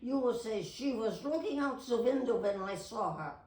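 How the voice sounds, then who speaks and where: A woman's voice: a little high, expressive, moderate pace, a little mellow, close to an everyday voice. A woman putting on a hearty older male friend who coaches her in a German accent, in a roomy recording heard from some distance. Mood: coaxing.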